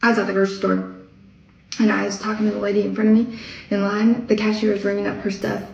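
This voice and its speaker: A chatty woman tells a story from daily life in an animated, laughing way. Her voice has a gravelly edge. She is recorded in an echoey room, some distance from the mic. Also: mid-range voice, fast, dull audio, slight background noise. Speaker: storyteller in an online clip. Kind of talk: casual storytelling to camera.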